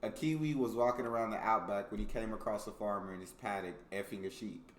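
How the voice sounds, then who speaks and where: Reading jokes aloud for a reaction video, an American host with a lowish voice talks a little fast with hardly any pauses. He laughs a lot and reacts casually between readings; the sound is roomy with a little hiss or hum.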